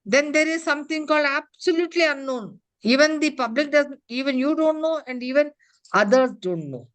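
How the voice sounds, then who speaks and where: A woman, a corporate trainer giving an interactive classroom lecture. She quizzes her class with quick questions and leans on "you know" and "huh?". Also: high-pitched.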